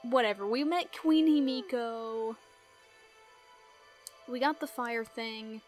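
A woman's voice: on the high side, takes it slowly, darkish tone, soft background music. A woman hosting a casual game playthrough, playful and self-mocking, with giggly asides. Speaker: gaming video host.

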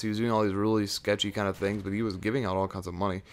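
A man's voice: on the low side, flat delivery, very fast. A young man chatting casually over gameplay footage into a mic right at his face, rambling off topic with lots of "like" and "uh.". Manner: rambling, filler-heavy, off-topic. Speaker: gaming video creator. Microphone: close mic right at his face.

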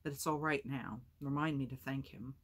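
A proud old grandmother from a storybook, brisk and sharp-tongued, her words clipped and fretful, as a woman reads her lines aloud. She sits a little above the reader's everyday voice. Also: rumbling low, steady tone. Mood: snappish. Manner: sharp, worried, snappish.

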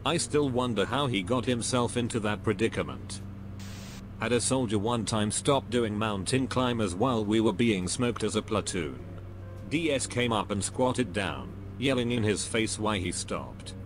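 Man, story narrator, reading anecdotes, expressive, lowish voice, constant background hum. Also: a little slow. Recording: steady hum under the voice.

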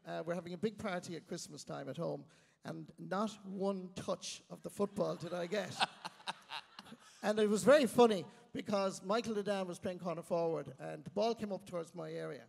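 A middle-aged Irish man from County Clare, a guest telling self-mocking stories in an animated way on a live stage. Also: high voice, normal speed, gravelly. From Ireland, County Clare. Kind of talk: storytelling interview. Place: live stage before an audience. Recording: long reverb of a live venue.

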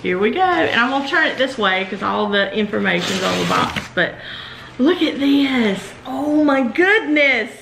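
A woman with a Southern US accent gushing excitedly as she unboxes fan mail in a casual vlog. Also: sits high, vocal fry, roomy sound, noisy background. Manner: gushing, excitable, slow-spoken. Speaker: YouTuber opening fan mail. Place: indoors at a table.

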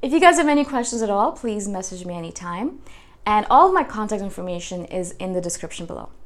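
Animated woman vlogger telling stories. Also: mid-range voice, fast talker. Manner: animated storytelling, often ends with a tag question. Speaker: YouTube host. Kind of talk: casual personal vlog.

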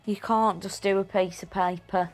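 A woman joking with her brother as they watch TV, teasing him with quick comebacks and giggling. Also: medium pitch, fairly even intonation, faint music behind. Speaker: TV viewer commenting. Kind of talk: casual banter with her brother.

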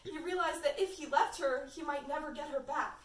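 A woman's voice: high-pitched, fairly quick, fairly bright tone. A woman reading fan fiction aloud in a casual, amateur way, sometimes stumbling over words. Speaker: fanfiction reader. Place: room at a party. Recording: echoey room, mic far off, faint background sounds.

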